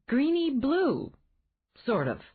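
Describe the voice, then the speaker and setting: An outspoken young woman, as a woman reader plays her, talking in high, exclamatory, swooping bursts. The sound is thin and tinny, as if heard over a phone. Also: slow, full character voice. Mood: animated. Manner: exclamatory, animated.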